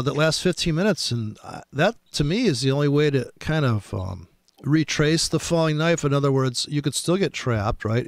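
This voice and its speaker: A man's voice: fairly high pitch, no room sound, studio quality. A man hosting a casual chat, telling rambling, profane trading stories full of restarts.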